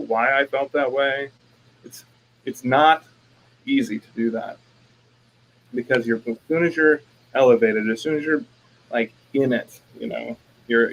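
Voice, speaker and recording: A man co-hosting a relationship coaching talk, telling lively stories and acting out both sides of arguments. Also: medium pitch, normal speed, highs cut off. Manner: animated storytelling, acts out both sides of arguments. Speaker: life coach co-host. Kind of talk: casual conversation.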